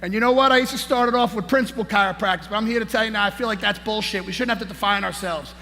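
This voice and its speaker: A man giving a hyped-up motivational speech as a conference speaker on stage, shouting and peppering his lines with "man" and "baby". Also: sits high, racing. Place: large conference hall on stage. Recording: echoey hall, faint noise.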